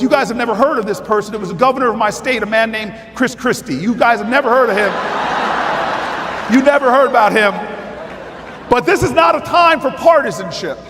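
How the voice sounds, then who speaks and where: Man, high and passionate, political convention speaker; booming hall reverb, faint background noise. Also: fairly quick. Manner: impassioned storyteller, building to shouted calls to action. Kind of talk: rousing political speech. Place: large convention hall with live audience.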